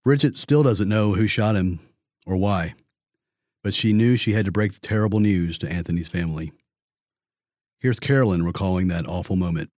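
A man giving measured scripted documentary narration. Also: deep voice, darkish tone, no echo, studio quality.

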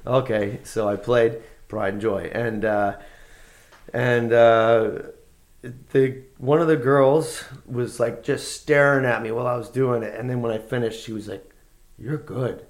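A man's voice: mid-range voice, steady tone, measured pace. A man, a guest musician, telling anecdotes in a casual conversation, rambling and laid-back with lots of fillers and restarts.

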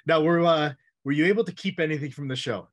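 A man's voice: on the high side, quick pace, crowd noise. A man from Massachusetts hosting an interview, asking questions and adding short agreeing remarks. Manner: brief, encouraging interjections. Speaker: podcast host. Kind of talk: casual interview.

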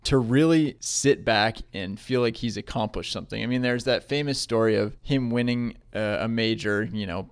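A man's voice: on the low side, normal speed, few pauses, smooth, no room sound. A man hosting a golf podcast, chatting casually and retelling stories. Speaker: golf podcast host and reporter.

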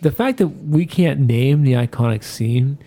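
Husky-voiced man, blunt and lively. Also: mid-range voice, measured pace. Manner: blunt, swears casually. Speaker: guest. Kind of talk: casual chat.

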